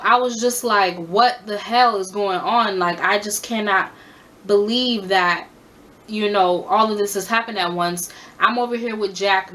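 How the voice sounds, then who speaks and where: A woman's voice: mid-range voice, fairly bright tone. A woman in her twenties tells a storytime in a casual monologue. She is blunt and swears a lot, and she repeats her advice for emphasis. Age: 20s. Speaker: storytime vlogger.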